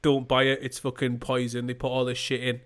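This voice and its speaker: A man's voice: mid-range voice, completely flat delivery, brisk. A young man co-hosting a podcast, telling sweary, laughing stories in casual chat. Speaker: podcast co-host.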